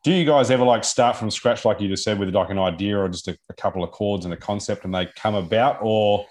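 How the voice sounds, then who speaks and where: Man, lowish voice, interview host, casual, rambling questions with fillers. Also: quick pace, a little mellow. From Australia. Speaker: podcast host.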